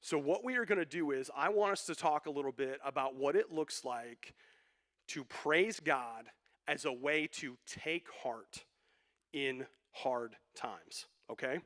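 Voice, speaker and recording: Male preacher, slightly high pitch, crisp bright tone, casual jokey sermon delivery. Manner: joking, conversational, with quick asides. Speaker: pastor.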